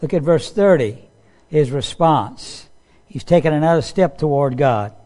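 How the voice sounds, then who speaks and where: A man's voice: on the high side, expressive, a little slow, mellow. A man preaching a sermon, talking casually to his listeners, acting out quotes and asking them questions. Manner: conversational, acts out quotes, asks the audience.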